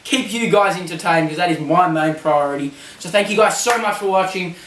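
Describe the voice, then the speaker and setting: A man's voice: sits high, brisk, a bit bright, roomy sound, distant mic. A young Australian man with an Australian accent, chatting casually and poking fun at himself while doing a quiz. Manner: chatty, self-mocking, slangy. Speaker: vlogger.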